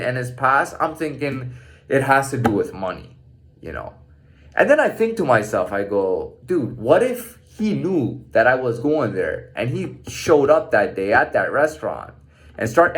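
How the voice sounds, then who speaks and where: A man's voice: medium pitch, a bit bright. A man in his thirties ranting in a casual monologue, profane and stammering through restarts. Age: 30s.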